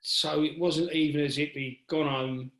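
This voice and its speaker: A man's voice: a little high, steady tone, unhurried, fairly bright tone. A man hosting an interview podcast, sympathetic, repeating himself and trailing off as he reacts. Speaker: podcast host. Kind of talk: interview conversation. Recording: roomy echo.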